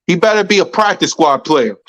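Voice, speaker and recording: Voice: mid-range voice, lively intonation, brisk, a bit bright, low-quality recording. Heated sports podcast host. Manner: heated, emphatic, repetitive. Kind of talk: ranting sports talk.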